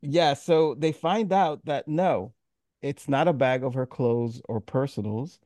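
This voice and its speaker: A man's voice: medium pitch, a little slow, darkish tone, no echo. A man hosts a laid-back movie review chat, retelling the plot with fillers and little laughs. His voice sits dry and close to the mic. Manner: laughing, rambling recaps with fillers. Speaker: podcast host.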